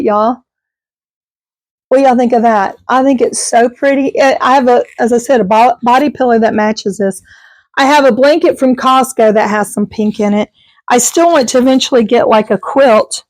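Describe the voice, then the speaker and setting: Chatty high-pitched woman vlogger. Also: darkish tone, dry recording. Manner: rambling, chatty, laughs often. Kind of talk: casual chat.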